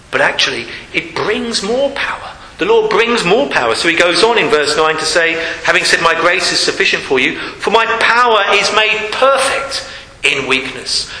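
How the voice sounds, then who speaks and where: Male preacher, bright, fairly high voice, earnest sermon delivery that drops to hushed emphasis, echoey hall. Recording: echoey hall with long reverb, faint hiss.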